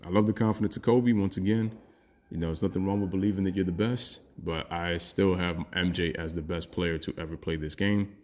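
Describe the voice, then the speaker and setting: A man with a very low voice delivers an opinionated sports rant for his own channel. He talks bluntly and heatedly, swearing freely as he argues his point. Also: fairly even intonation, brisk, darkish tone. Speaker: sports commentary YouTuber.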